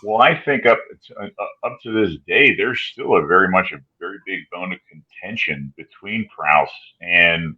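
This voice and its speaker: A man's voice: low voice, moderate pace, hardly any pauses, bright, forceful tone, breathy edge. A man co-hosting a casual chat, musing aloud and hedging his points. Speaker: podcast co-host. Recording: dull lo-fi sound.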